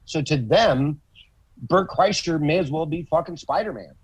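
A man chatting on a podcast, telling stories with swearing and lively acted-out quotes. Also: on the high side, moderate pace, slightly rough, no room sound, rough recording. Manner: profane, animated storytelling with acted quotes. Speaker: comedian guest. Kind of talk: casual podcast chat.

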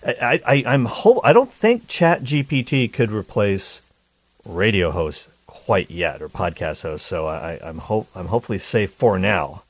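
A man's voice: on the low side, very animated, a little slow, no room sound. A man hosting a call-in radio talk show, chatty and joking with his listeners. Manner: chatty, jokey, upbeat.

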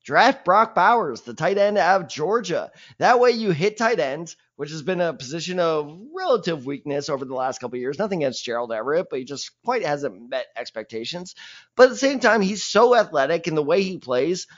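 Young male podcast co-host, fairly high voice, animated rants, muffled lo-fi sound. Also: fairly quick. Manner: animated, opinionated, mock-dramatic rants. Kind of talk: casual sports chat. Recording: dull lo-fi mic.

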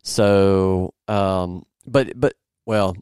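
A fairly low-voiced man hosts a laid-back podcast. His voice is smooth and clean, recorded dry and close with no room sound. He jokes easily and wanders through his sentences while he searches for words. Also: very slow, darkish tone, no room sound. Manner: jokey, rambling, searches for words. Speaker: podcast host. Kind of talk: casual podcast chat and interview.

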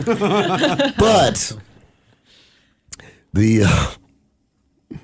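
A man's voice: on the low side, sing-song, moderate pace, a little mellow, husky, dry recording. A man hosting a radio show, teasing his co-hosts and laughing often in casual banter.

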